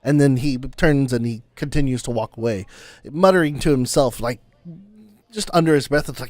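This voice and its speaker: A man narrating as game master in a casual, halting way. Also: medium pitch, darkish tone, dry recording.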